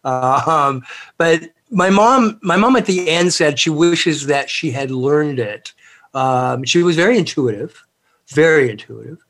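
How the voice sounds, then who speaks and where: A man's voice: on the high side, lively intonation, unhurried, fairly bright tone. A middle-aged man as an interview guest, telling family stories in a rambling, chatty way with plenty of fillers. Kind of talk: casual storytelling interview.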